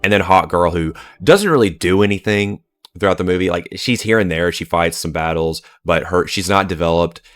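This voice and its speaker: A man's voice: sits low, a little fast, fairly bright tone. A man giving a blunt, profane and scornful rant as a movie reviewer. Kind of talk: ranting film review.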